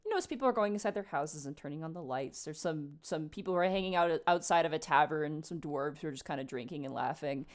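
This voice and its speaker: A woman's voice: low-pitched, fast talker, few pauses. A woman game master casually describing scenes in a tabletop game.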